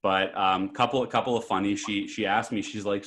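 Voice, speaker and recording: A man's voice: fairly low pitch, normal speed. A man from Canada co-hosting a casual podcast as a father, laughing often while he tells stories. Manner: laughs often, relaxed storytelling. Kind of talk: casual chat.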